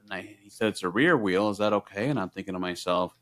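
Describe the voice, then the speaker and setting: Low-voiced man telling an animated story. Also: fast. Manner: animated storyteller acting out both sides of conversations. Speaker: podcast co-host. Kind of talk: casual storytelling chat.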